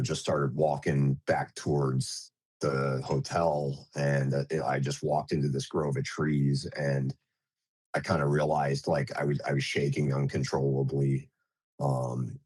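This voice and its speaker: Guy nurse telling his story in an interview, super deep husky voice, lots of ums and restarts, dry sound. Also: darkish tone, dry recording. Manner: halting, many fillers and restarts. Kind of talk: recounting an emergency in an interview.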